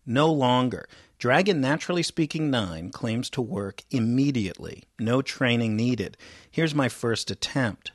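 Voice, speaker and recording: A man's voice: mid-range voice, breathy edge, no room sound, clean studio sound. A man delivering a radio news report in a plain, conversational way.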